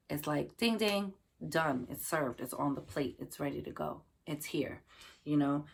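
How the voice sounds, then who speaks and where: Very creaky low-voiced woman reading tarot. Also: sing-song, unhurried. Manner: chatty, loose, filled with "like" and "you know", addresses listeners fondly. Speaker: tarot card reader. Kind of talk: casual tarot reading to viewers.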